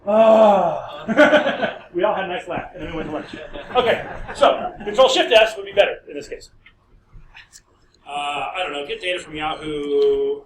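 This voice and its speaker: Speaking at a moderate pace in a slightly high voice, a middle-aged professor gives a chatty lecture sprinkled with stories. The audio comes from a distant mic in an echoey classroom and has faint noise.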